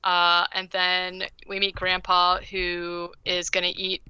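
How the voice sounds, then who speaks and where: A woman's voice: fairly low pitch, monotone, slow, pushed and bright, smooth, no echo, muffled recording. A woman co-hosting a podcast, casually recapping a movie in a rambling way, with lots of "like". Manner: rambling, heavy use of "like". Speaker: podcast co-host.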